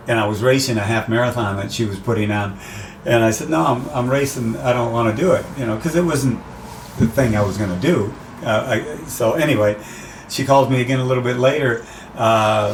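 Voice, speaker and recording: An older American man, a race announcer, telling animated stories in a casual interview. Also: medium pitch, recorded from a distance. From USA. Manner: animated anecdotes, acts out quoted voices. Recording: roomy, off-mic, faint background noise.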